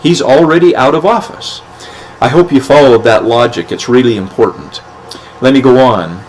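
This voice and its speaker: A man's voice: mid-range voice, a little hiss or hum, poor audio. Plainspoken man reading legal text. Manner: plainspoken, halting with many fillers and restarts. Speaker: podcast host. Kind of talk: reading and explaining legal documents.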